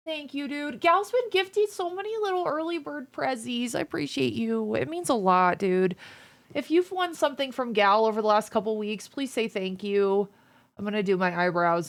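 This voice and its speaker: A woman's voice: medium pitch, no room sound. A woman streamer in casual chat with viewers, greeting them by name and swearing freely. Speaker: live streamer.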